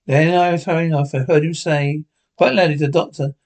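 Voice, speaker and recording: A man narrating a classic adventure story in an even, steady reading tone, his voice sitting a little high for a man. He stumbles and restarts now and then. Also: fairly quick, poor audio. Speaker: audiobook narrator.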